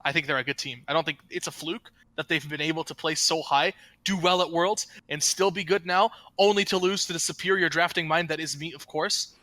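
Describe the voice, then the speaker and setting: A man who coaches an esports team, a guest on a casual podcast, joking and sarcastic and getting animated as he rants. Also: on the high side, brisk, few pauses, dry recording.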